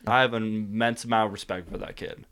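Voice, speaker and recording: A man's voice: lowish voice, fairly even intonation, quick pace, a bit bright, clean tone. A young man hosting a podcast, telling stories in a casual chat with lots of fillers and laughter. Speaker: podcast host.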